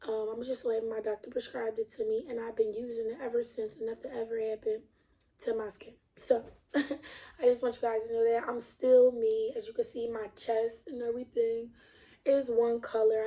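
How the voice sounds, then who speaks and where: A woman's voice: on the high side, level tone, moderate pace, dark tone. A young adult woman vlogging at home, chatting casually and demonstrating a product, rambling and laughing often. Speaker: beauty vlogger. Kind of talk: casual chat and product demo.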